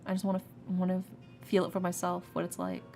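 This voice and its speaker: A woman's voice: lowish voice, level tone, fast talker, creaky, darkish tone. A young woman streaming a visual novel, reading its text aloud and breaking off with giggly, joking asides, her nose stuffy. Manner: giggly, joking asides between narrated passages. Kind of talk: reading game text aloud with casual commentary. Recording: faint game music behind.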